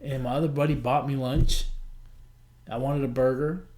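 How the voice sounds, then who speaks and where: A man hosting a podcast, telling a personal story in a chatty, animated way and acting out the dialogue. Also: medium pitch, normal speed, slight background noise. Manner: animated, acts out quoted dialogue; chatty, frequent "I'm like" and "he goes". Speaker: podcast host. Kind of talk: storytelling monologue.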